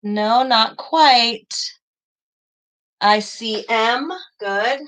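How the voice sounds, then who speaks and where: Slow-speaking encouraging woman teacher. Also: fairly high pitch, a bit bright. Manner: encouraging, slow and deliberate with children. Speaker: second grade teacher. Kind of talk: live-streamed online class.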